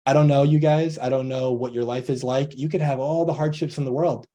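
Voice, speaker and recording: A man with a mellow, relaxed voice speaks earnestly as a coach on a video call. He talks through his points by playing out little back-and-forth conversations, voicing both sides himself. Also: medium pitch, fairly quick. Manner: earnest, acts out both sides of imagined dialogues. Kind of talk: motivational talk on a video call.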